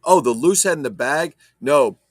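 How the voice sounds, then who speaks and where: A man's voice: fairly high pitch, animated, moderate pace, dry recording. A man casually chatting about his toy collection, rambling and swearing as he talks to viewers. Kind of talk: casual unboxing chat.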